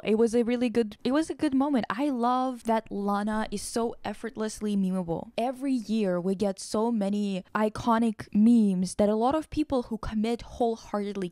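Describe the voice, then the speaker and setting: A woman's voice: mid-range voice, dark tone, no echo. A young woman vlogger giving a blunt, profane, exasperated rant about pop culture. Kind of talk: casual ranting commentary.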